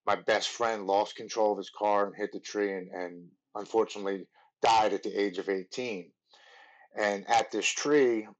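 A man in his forties from Maryland, a podcast guest telling his recovery story in an earnest, halting way, often restarting his words. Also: fairly low pitch. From Maryland, USA.

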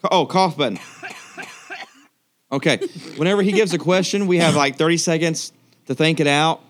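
A man's voice: fairly high pitch, moderate pace, slight background noise. A man hosting a podcast, explaining the game and laughing often. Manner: lively, directs the show, laughs often. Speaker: podcast host. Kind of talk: casual podcast banter.

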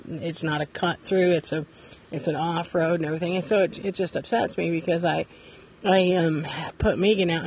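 A woman's voice: lowish voice, a little mellow, slightly rough. A woman hosting a casual monologue podcast, talking candidly and rambling, sitting outdoors beside her bus. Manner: rambling, candid, self-deprecating. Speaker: podcast host.

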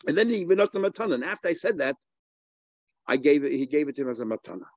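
A man's voice: fairly high pitch, sing-song, very fast, no room sound, highs cut off. A man giving a Talmud lesson in English, peppered with Hebrew and Aramaic terms, asking and answering his own questions with frequent restarts. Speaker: Talmud teacher.

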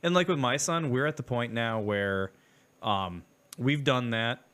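A man's voice: medium pitch, measured pace, fairly bright tone, smooth. A man in casual conversation, a father explaining matter-of-factly how he gets his son to eat. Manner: matter-of-fact, explains his parenting rules. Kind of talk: casual chat, podcast-like.

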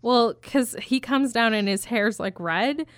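A woman's voice: fairly high pitch, measured pace, no room sound, studio quality. A woman casually retelling a film scene, rambling and swearing as she acts out the characters. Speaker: podcast co-host.

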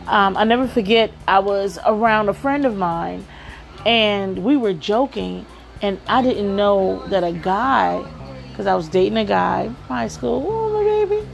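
A woman's voice: medium pitch, measured pace, gravelly, soft background music. A woman hosting a podcast, giving advice in a chatty storytelling way and often saying "you know.". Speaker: podcast host. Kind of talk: casual advice monologue.

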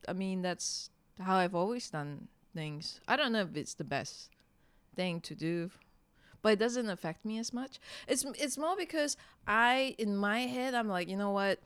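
A woman's voice: medium pitch, expressive, a little slow, clean tone. A woman comedian, chatting in an interview, self-deprecating and laughing often. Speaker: stand-up comedian, guest. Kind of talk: casual interview chat.

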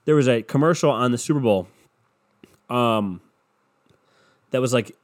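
A man's voice: medium pitch, measured pace. A man hosting a casual solo podcast, rambling and cursing with self-mocking humor, a bit congested from a cold. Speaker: podcast host.

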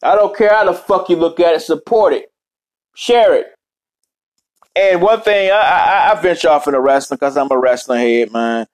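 Man, casual vlog rant, slightly high voice, swears nonstop and rambles. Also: normal speed. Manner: cursing constantly, rambling, animated. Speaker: vlogger.

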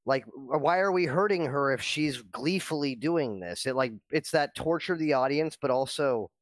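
A man's voice: on the high side, normal speed, no echo. A man on a podcast describing his favorite scenes in a thoughtful, detailed way. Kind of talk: casual podcast chat.

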